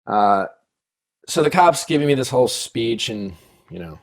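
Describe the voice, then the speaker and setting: Male podcast host, casual storytelling, loose and rambling, mid-pitched voice. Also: big pitch swings, moderate pace. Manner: rambling, many fillers and tag questions.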